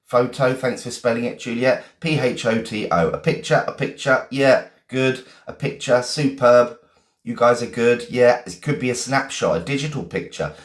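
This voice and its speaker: A man's voice: medium pitch, normal speed, few pauses, roomy sound. A man teaching a live online English class, praising his students often.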